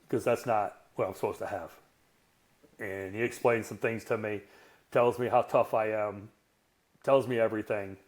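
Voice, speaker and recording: A man's voice: on the low side, a little mellow. A man in his sixties, a strength coach on a podcast, telling a personal story in a blunt, profane, self-mocking way. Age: 60s. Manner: earthy, self-mocking humor. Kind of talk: candid conversational storytelling.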